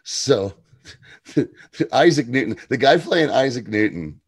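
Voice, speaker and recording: A man's voice: medium pitch, takes it slowly, slightly rough. A man co-hosting a podcast, chatting casually about a TV episode and acting out lines from it. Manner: animated, quotes characters in put-on voices, laughs often. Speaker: podcast co-host. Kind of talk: casual chat recapping a TV episode.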